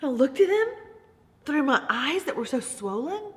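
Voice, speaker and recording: A woman speaks as a Bible study teacher, pressing her points home by repeating them and calling her listeners "baby." Her voice sits somewhat high for a woman. Each phrase rings out with a long reverb. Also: very animated, normal speed. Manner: emphatic and repetitive, calls listeners "baby". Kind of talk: faith-based motivational talk.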